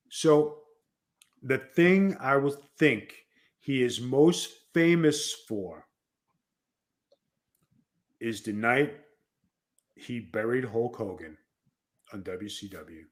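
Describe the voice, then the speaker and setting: A man's voice: mid-range voice, slow pace, pauses often. A man with a New York accent hosting a wrestling podcast, telling stories and acting out the people he quotes. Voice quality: animated storyteller who acts out quoted dialogue. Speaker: podcast host and former wrestler. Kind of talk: casual storytelling chat.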